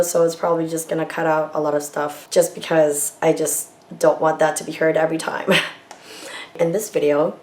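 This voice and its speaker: A woman who has lost her voice, hoarse and chatty, hosting a casual crochet tutorial and often correcting herself as she goes. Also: low voice, steady tone, normal speed, darkish tone. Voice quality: gravelly. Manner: rambling, self-correcting, chatty. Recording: roomy echo.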